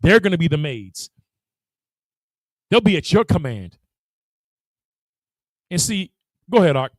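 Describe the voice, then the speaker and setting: Animated preacher, high swooping voice, dry room, laughs and acts out voices. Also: male voice, measured pace, dry recording, low-quality recording. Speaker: religious teacher. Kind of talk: lively preaching to a congregation.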